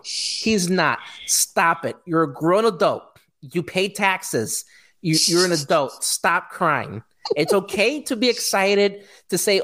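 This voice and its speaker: A woman's voice: on the low side, expressive, takes it slowly, a bit bright. A woman co-hosting a casual podcast, ranting bluntly and swearing freely. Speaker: podcast co-host. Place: Florida.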